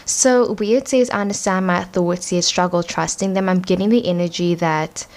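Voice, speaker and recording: Young woman, tarot reading vlog, rambling filler-heavy chat, lowish voice. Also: steady tone, normal speed, a little mellow. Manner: chatty, rambling with many "like" fillers. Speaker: tarot reader. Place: home room.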